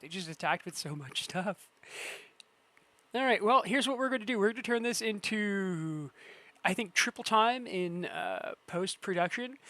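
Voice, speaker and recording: Brief: male gamer, casual let's-play commentary, jumps from sleepy muttering to excited yelling and cursing. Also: high voice. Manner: excitable, laughing, swearing at the game; tired, mumbling asides.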